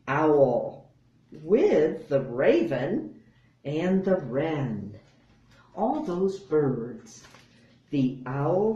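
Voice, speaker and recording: An older woman reading a picture book aloud to children, gentle and expressive. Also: sits low, dull audio. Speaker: storytime reader. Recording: echoey room.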